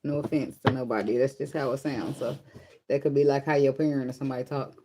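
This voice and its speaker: A woman giving a casual tarot reading, joking and swearing freely and singing along softly between cards. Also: a bass voice, fairly even intonation, quick pace, slight background noise. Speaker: tarot reader.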